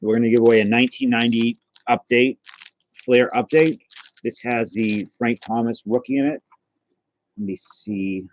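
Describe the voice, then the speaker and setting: A man's voice: mid-range voice, steady tone, moderate pace. Chatty man hosting a card livestream. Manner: chatty, answers chat messages aloud, stumbles and restarts. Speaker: livestream host opening trading cards. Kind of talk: casual livestream chat.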